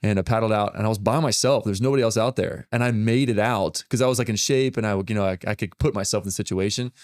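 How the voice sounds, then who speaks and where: A man hosting a podcast, telling a story in a rambling, excitable way full of fillers. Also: fairly low pitch, quick pace, no room sound, studio quality. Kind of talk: casual storytelling in conversation.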